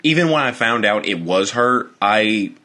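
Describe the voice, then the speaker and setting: Young man, lowish bright voice, casual swearing podcast banter, acts out voices. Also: animated, normal speed. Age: young adult. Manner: rambling, swears a lot, acts out imagined dialogue. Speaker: podcast co-host. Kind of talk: casual chat.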